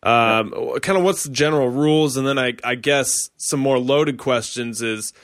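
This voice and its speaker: Casual male podcast host, mid-pitched, loose chatty delivery. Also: moderate pace, fairly bright tone. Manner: casual, conversational, filler-heavy. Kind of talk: podcast interview.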